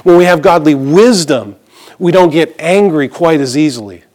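A man's voice: on the high side, lively intonation, normal speed, darkish tone. A middle-aged male pastor preaching a conversational sermon, mixing scripture reading with personal stories and light humor.

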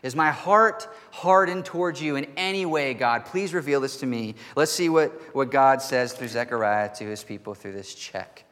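A man preaching a sermon as pastor, earnest and emphatic, slowing down to stress key words. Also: mid-range voice, a bit bright. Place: church hall. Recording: long reverb of a church hall.

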